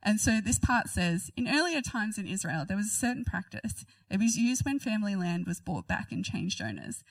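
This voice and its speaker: A woman's voice: medium pitch, lively intonation, moderate pace, gravelly, dry recording, distant mic, rough recording. A woman reading a Bible passage aloud and commenting on it in a chatty, giggly way. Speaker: Bible teacher.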